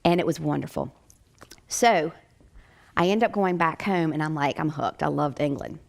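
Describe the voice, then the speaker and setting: An American woman, a chiropractic doctor, telling a personal story in a lively way with frequent laughter. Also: low-pitched, normal speed, gravelly.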